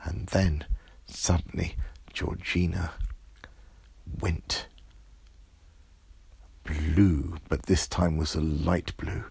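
A deep, gravelly man tells a made-up bedtime story slowly and softly, often sinking into a near whisper. His voice is husky and breathy, recorded close and dry. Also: steady tone, dry recording. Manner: soft, drifting into whispers.

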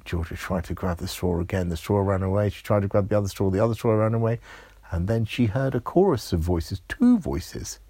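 A man's voice: lowish voice, expressive, a little fast, mellow, breathy edge, no echo. A man narrating an improvised children's story, playful and building suspense.

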